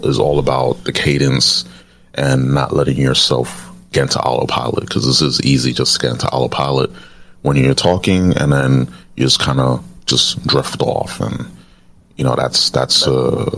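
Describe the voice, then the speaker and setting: A man hosting a podcast in casual chat, talking in a halting way with many restarts, and saying himself that he can sound baritone. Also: steady tone, vocal fry, fairly bright tone, slight background noise. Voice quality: deep, says he sometimes sounds baritone. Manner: halting, restarts often, says cadence is key. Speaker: podcast host.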